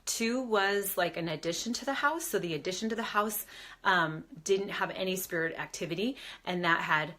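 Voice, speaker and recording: A woman working as a medium, casually telling a story to a live audience, chatty and lively, acting out quoted voices. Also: fairly low pitch, moderate pace. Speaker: medium and spiritual advisor.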